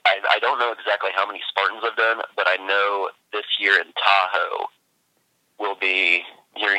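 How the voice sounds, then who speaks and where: A man's voice: on the low side, bright, forceful tone, no room sound, poor audio. A man who races obstacle courses, chatting easygoingly with many fillers. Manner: easygoing, laughs often, trails off with fillers. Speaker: obstacle racer guest. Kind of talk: casual chat.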